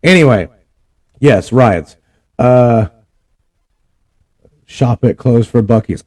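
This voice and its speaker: A man's voice: medium pitch, expressive, moderate pace, darkish tone. Cussing man ranting. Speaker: vlog host. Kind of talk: casual profane rant.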